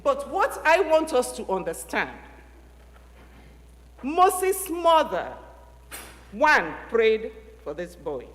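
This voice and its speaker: A woman from Nigeria, preaching a sermon, telling a Bible story and acting out its dialogue with big shifts in loudness. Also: high-pitched, very animated, takes it slowly, long pauses, long reverb tail.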